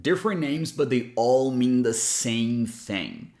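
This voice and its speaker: A male pronunciation coach teaching at an unhurried, slow pace in a mid-range voice. He speaks clearly and deliberately and models each example word. The sound has a noticeable echo. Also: mid-range voice, expressive, a little mellow. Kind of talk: scripted pronunciation lesson. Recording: echoey room.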